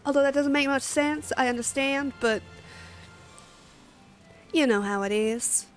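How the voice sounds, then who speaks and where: A young Australian woman chatting on a game stream, rambling from one thought to the next and swearing casually. Her voice sits a little high, with frequent laughter in her talk. Faint game music plays in the background. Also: measured pace. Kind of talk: casual gaming stream chat.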